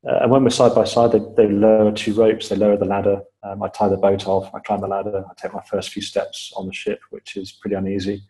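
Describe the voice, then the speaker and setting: A man with a low-set, warm and mellow voice, speaking as a podcast guest. He tells his story in a measured, step-by-step way, with plenty of "um"s. He repeats key phrases to stress them. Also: level tone, poor audio. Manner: measured, step-by-step retelling with frequent fillers. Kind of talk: storytelling in an interview.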